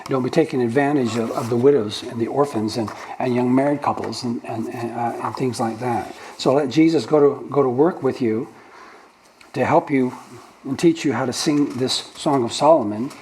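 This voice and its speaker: A man's voice: mid-range voice, normal speed, darkish tone, slight background noise, rough recording. A male pastor preaching a teaching sermon, explaining the original words of the text, with frequent restarts. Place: church sanctuary.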